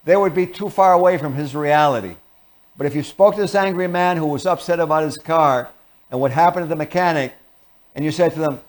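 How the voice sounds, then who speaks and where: Male host, earnest motivational teacher, lively delivery, pitched slightly high. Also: a little fast. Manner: earnest, animated teaching with acted-out examples. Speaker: host and lecturer. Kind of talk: motivational lecture.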